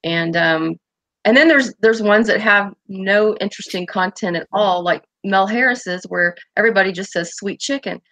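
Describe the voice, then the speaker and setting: A woman's voice: medium pitch, normal speed, fairly bright tone, no room sound. A woman hosting a casual livestream chat, reading viewer comments aloud and rambling with lots of fillers and restarts. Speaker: host of a pipe-smoking chat stream.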